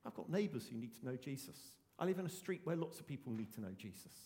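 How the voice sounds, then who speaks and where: A man's voice: mid-range voice, lively intonation, quick pace, mellow, long reverb tail. A man, preaching a sermon in an earnest, emphatic way and repeating his key phrases. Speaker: pastor.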